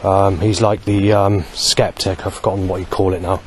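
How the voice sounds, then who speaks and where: Brief: low-voiced man, rambling vlog monologue, faint street noise behind. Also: little pitch movement, moderate pace. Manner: rambling, with many fillers. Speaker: vlogger. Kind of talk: walking monologue. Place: outdoors on a street.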